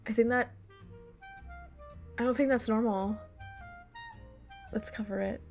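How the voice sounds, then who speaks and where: A young woman streaming a visual novel, reacting with loud disbelief and swearing. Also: on the high side, fairly even intonation, takes it slowly, gravelly, soft background music.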